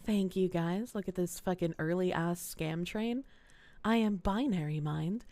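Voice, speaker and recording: Woman streamer, sleepy, casual swearing chat, slow delivery, dry sound. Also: mellow, dry recording. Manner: sleepy, low-key; swears casually, thanks viewers by name. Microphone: desk mic with gain turned up.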